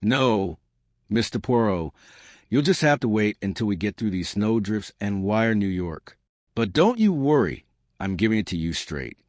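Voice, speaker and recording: A man's voice: on the low side, sing-song, moderate pace, no echo, studio quality. A man doing a blunt, folksy American private eye. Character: brash American private detective, middle-aged man.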